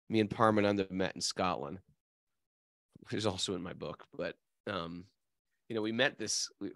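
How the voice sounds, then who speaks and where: A man's voice: lowish voice, vocal fry, no echo, clean studio sound. A man co-hosting a casual spiritual talk, telling stories with animation and laughing easily. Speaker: podcast co-host. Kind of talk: casual spiritual chat, reading song lyrics.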